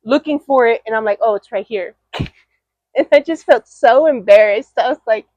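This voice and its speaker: A woman's voice: a little high, moderate pace, no echo, muffled recording. A young adult woman hosting a candid podcast chat, telling stories animatedly with frequent laughter. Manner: animated storyteller, laughs often, acts out quoted lines. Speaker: podcast host. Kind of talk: candid chat between friends.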